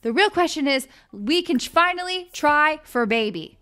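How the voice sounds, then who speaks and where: A woman's voice: high-pitched, lively intonation, unhurried, pushed and bright. A young woman hosting a casual let's-play, chatting animatedly with her viewers while she plays. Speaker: gaming channel host.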